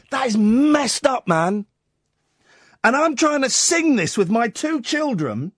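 A man's voice: very high-pitched, expressive, unhurried, fairly bright tone, slightly rough, no echo, clean studio sound. A man hosting a radio show, delivering a comic, mock-outraged rant and humming bits of tunes. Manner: incredulous, ranting, mock-outraged; sings and hums snatches of tunes. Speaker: radio host.

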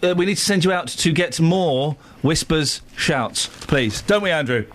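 A man's voice: on the high side, lively intonation, moderate pace, a bit bright. A man hosting a radio show, chatting in a playful, teasing way with a caller and his co-host. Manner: playful, teasing, laughs easily. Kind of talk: casual radio chat.

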